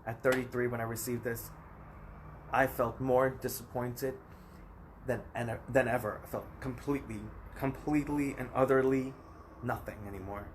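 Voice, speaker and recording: A man's voice: medium pitch, steady tone, normal speed, a little hiss or hum. A man in his thirties from the United States, talking to his phone in a rambling, emphatic personal vlog. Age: 30s. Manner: rambling, emphatic, talks straight at the viewer.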